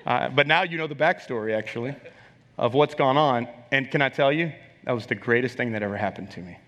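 Brisk and fairly bright, this mid-range male voice belongs to a preacher sharing a testimony. He tells a personal story in an emphatic, conversational way, frequently repeating phrases and asking the congregation questions, all under long hall reverb.

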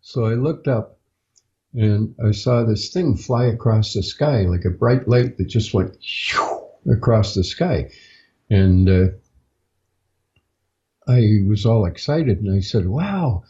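A man, a podcast guest, recounting a personal experience in a halting, unhurried way with frequent pauses, on a dull lo-fi recording. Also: fairly low pitch, mellow. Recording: dull lo-fi sound.

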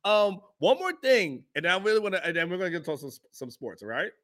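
A man's voice: sits high, very animated, fast talker, fairly bright tone. A man hosting a live podcast, telling a story in loose slangy chat and chuckling often, into his own microphone. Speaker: podcast host. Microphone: own microphone on a live stream.

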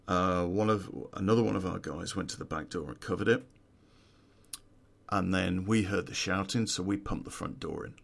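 A man's voice: low-pitched, normal speed, creaky. A man, telling a true-crime story in a casual, profane way and laughing at his own story.

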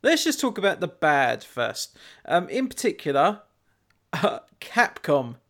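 A man leading a casual podcast conversation, wandering through topics with wry asides. He mocks what others said by quoting them with sarcasm. His voice sits a little high for a man. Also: big pitch swings, measured pace, creaky, fairly bright tone. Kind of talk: casual chat.

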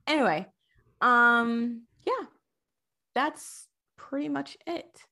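A woman chats on a podcast in a mid-range voice, gushing with animated excitement. She fills her talk with lots of fillers as she retells her time with a game. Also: medium pitch, a little slow. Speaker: podcast guest. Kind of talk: casual podcast chat about a video game.

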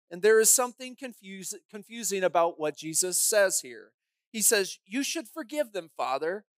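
A woman's voice: mid-range voice, dry recording. A woman pastor preaching a sermon, telling the story dramatically and emphatically with pointed rhetorical questions.

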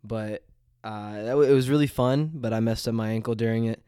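A man's voice: lowish voice, fairly quick, mellow, clean tone, dry recording, studio quality. A man in his twenties hosting a casual solo podcast, sounding congested and nasal from allergies, rambling with lots of ums and restarts. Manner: rambling, hesitant, with many fillers and restarts. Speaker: podcast host.

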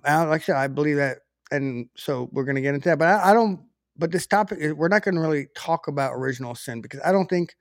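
A man's voice: fairly high pitch, no echo, studio quality. A man giving an informal Bible teaching, talking conversationally with frequent restarts and self-corrections.

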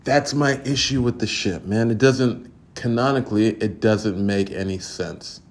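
Guy hosting a podcast, swearing a lot, rambling and exasperated, lowish voice. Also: measured pace. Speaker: podcast host. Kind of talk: casual opinion rant.

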